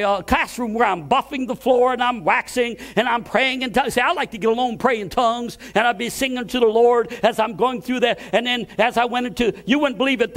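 A man preaching a sermon, telling a personal story and acting out the voices of the people in it, with excited repeated words. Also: very high-pitched.

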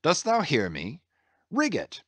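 A man voicing a stern, agitated ship's first mate who gives orders in sharp outbursts. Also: on the high side, huge pitch swings, slow, breathy edge, no echo, full character voice. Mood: commanding. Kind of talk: audiobook character reading.

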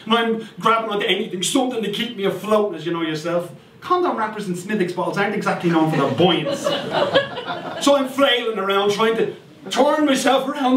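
A man with a Dublin accent performing a comic monologue, telling a profane story with animated outbursts. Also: sits high. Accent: Irish, Dublin. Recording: roomy, distant recording with faint noise.

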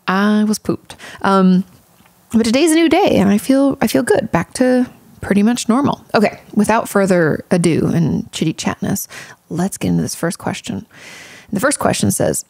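A woman therapist talking through listener questions in a loose, chatty way, frank and a little irreverent. Her mid-range voice has a gravelly, fry-laden edge. The sound is close and dry, with no room around it. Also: medium pitch, expressive, moderate pace, darkish tone, no room sound. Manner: chatty, frank, swears casually, many fillers. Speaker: podcast host and therapist. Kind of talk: casual advice podcast.

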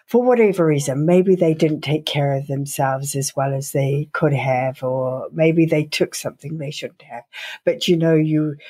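Husky-toned podcast host, thoughtful. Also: medium pitch, darkish tone. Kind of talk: casual interview chat.

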